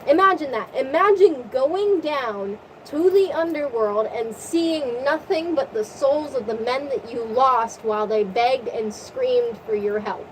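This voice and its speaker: A young woman retelling a story in casual, crude, excitable slang. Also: high voice, measured pace, few pauses. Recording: distant mic with faint vehicle noise.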